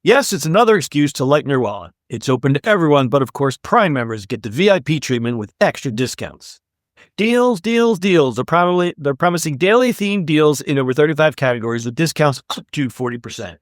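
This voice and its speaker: A man's voice: fairly high pitch, expressive, brisk, dry recording, studio quality. A man co-hosting a retail news podcast, reading the stories with wry, sarcastic asides in casual chat. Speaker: podcast co-host.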